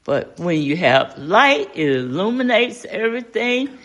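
A woman's voice: mid-range voice, very animated, measured pace. An older woman leading an informal Bible study, talking in a folksy, conversational way and asking the group questions.

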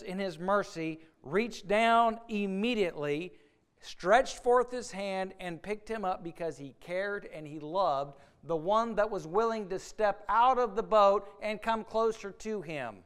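A man delivering a sermon, earnest and plain-spoken, who stumbles and repeats words as he presses his point. His voice sits high and sounds clear and resonant. He slips into the voices of doubters to make his case. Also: expressive, unhurried. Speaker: preacher.

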